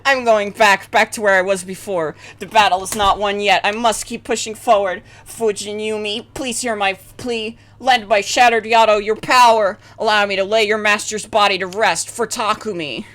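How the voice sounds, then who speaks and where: Earnest young prince hero, read by a woman, resolute, bright tone. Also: mid-range voice, steady tone, moderate pace, few pauses, lightly acted.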